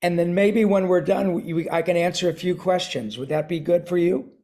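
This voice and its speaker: Brisk and high-voiced with a dark tone and fairly even intonation, an older voice actor reads a picture book to a class over video, chatting along the way and clearing his throat at times.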